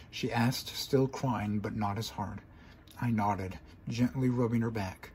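A man's voice: on the low side, steady tone, measured pace, darkish tone, a little hiss or hum. Man narrating a first-person fan story. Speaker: story reader.

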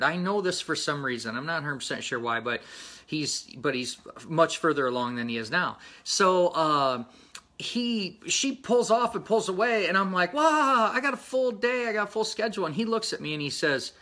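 A man hosting a casual personal vlog, talking earnestly in a rambling, halting way with many fillers. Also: mid-range voice, sharp tone. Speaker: motorcycle channel host.

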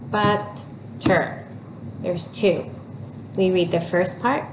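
A woman teaching an early reading lesson, giving slow, clear prompts and repeating cues for children to read aloud. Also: on the low side. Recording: noticeable background noise.

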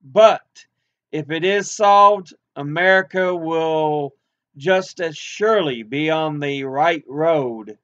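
An older man hosting a podcast, reading an interview aloud in a measured way, with occasional restarts. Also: a little high, fairly bright tone, dull audio.

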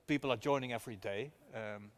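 A man's voice: mid-range voice, fairly quick. A man from the Netherlands, an activist investor guest who tells his story with earnest energy and frequent restarts. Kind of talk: storytelling conversation at a public talk.

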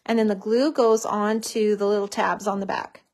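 A woman's voice: mid-range voice, little pitch movement, normal speed, darkish tone. A woman hosting a craft tutorial, chatting casually and gushing over how cute everything is as she works.

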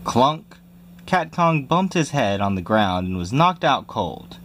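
A man reading a children's picture book aloud in a lively storytelling manner, jumping high for squeaky cries. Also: takes it slowly, slight background noise. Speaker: reader.

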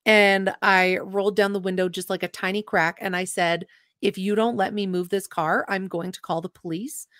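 A woman's voice: medium pitch, steady tone, moderate pace, a bit bright, dry recording, clean studio sound. A young adult woman, a podcast guest, earnestly and emotionally retelling a personal story with quoted dialogue.

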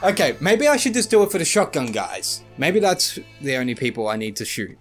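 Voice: mid-range voice, very animated, fairly quick. A gamer giving casual let's-play commentary, often swearing and talking back to the game. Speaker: gameplay commentator. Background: game music and gunfire.

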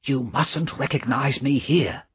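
A man doing a hushed, frightened spy. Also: measured pace, husky. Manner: low, hushed and urgent. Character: frightened, shifty male spy. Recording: dull lo-fi recording.

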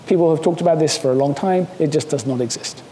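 Man, seminar speaker, chatty and wry, restarts a lot; roomy lecture-hall sound, faint rumble. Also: fast talker, dark tone. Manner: casual, joking, many fillers and restarts. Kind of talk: academic seminar talk.

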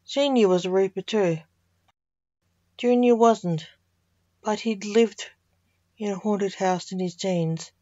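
A woman narrating a story aloud in a plain, unhurried reading voice. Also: medium pitch, dark tone, dry recording. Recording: dry, slightly muffled recording.

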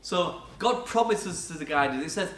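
A man's voice: fairly high pitch, animated, moderate pace, a bit bright. An older man preaching a sermon, telling chatty stories about his own life with self-mocking laughs. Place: church hall. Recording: echoey church sound from far off.

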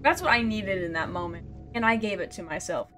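With music playing in the background, a let's play gamer with a mid-range voice talks fairly quickly and animatedly. She mocks herself casually as she plays, chatting to herself, laughing and groaning, and sighing or erupting in exasperation at the game.

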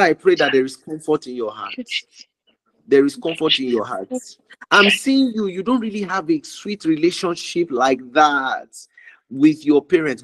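A man's voice: on the high side, no room sound, rough recording. A man ministering prophetically over a call, declaring fervently with much repetition and sometimes dropping to a whisper.

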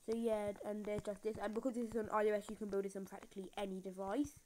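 Girl rambling through a build tutorial, keeps saying so yeah, laughs at herself, middling pitch, phone mic with faint hiss. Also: level tone, fast, dark tone, low-quality recording. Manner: rambling, filler-heavy, self-mocking. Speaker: game tutorial maker. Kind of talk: casual building tutorial commentary. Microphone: phone screen recorder mic.

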